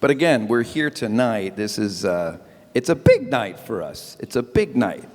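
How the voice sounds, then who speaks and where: Man, stand-up host on a live stage: quick wisecracks, very animated melody. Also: medium pitch, big-room sound, slight background noise. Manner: animated, wisecracking, punchy delivery. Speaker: stand-up comedian hosting an event. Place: event stage before a live audience.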